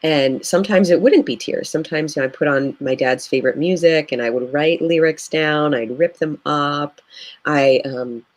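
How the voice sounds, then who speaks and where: A woman's voice: low-pitched, moderate pace. A woman who works as a grief guide, speaking earnestly and reflectively in a live video interview, with frequent "you know" fillers.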